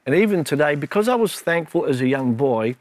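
A man's voice: fairly high pitch, lively intonation, a little fast, darkish tone, dry recording. A middle-aged man, a minister, in an earnest and reflective Bible discussion with his daughter, telling stories as he goes.

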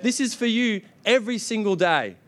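A young adult man preaching a sermon, energetic and exhorting the congregation. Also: sits high, normal speed. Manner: energetic, exhorting with repeated "come on".

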